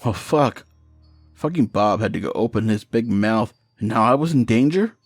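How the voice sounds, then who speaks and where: A man's voice: lowish voice, lively intonation, normal speed, no echo, studio quality, soft background music. A man reading a first-person horror story in a matter-of-fact, profane storytelling manner.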